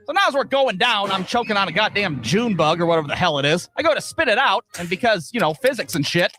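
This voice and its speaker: A man telling a comedic story from the United States, in a profane, animated rant. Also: sits high, fast. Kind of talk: comedic monologue.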